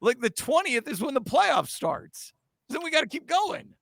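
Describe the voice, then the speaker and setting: An excitable man jokes his way through football talk on a sports show. His voice is bright and somewhat gravelly, and it swings widely in pitch. The sound is dry and close. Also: normal speed, no room sound. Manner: excitable, joking.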